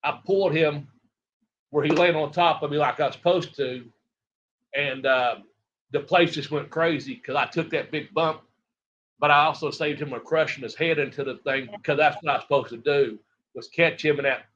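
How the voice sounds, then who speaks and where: A middle-aged man from Tennessee, a retired wrestler telling rambling, animated stories as an interview guest and acting out other people's lines. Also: on the high side, normal speed. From Tennessee, USA. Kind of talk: casual storytelling interview. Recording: dull lo-fi audio.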